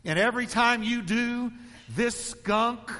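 Male pastor, high bright voice, emphatic rhythmic preaching, long hall reverb. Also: animated, normal speed. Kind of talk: sermon.

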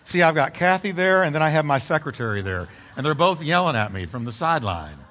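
Animated man preaching in a church hall. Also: fairly high pitch, quick pace. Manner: animated call-and-response preaching. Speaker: pastor. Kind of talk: sermon. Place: church sanctuary.

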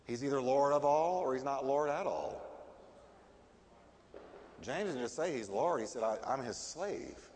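A middle-aged man preaching a sermon as a pastor, emphatic and animated, often asking his listeners questions. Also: mid-range voice, measured pace, pauses often, a little hiss or hum. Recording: long hall reverb.

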